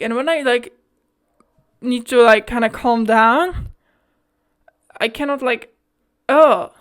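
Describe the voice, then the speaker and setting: A woman's voice: a little high, slow pace, pauses often. A young adult woman hosting a casual solo podcast, rambling candidly, swearing freely and filling her talk with "like". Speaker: podcast host.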